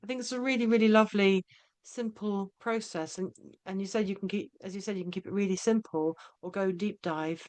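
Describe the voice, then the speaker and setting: A woman hosting a podcast, talking in a casual, halting way with frequent restarts and tag questions. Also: medium pitch, a little mellow. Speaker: podcast host. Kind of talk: casual conversational interview.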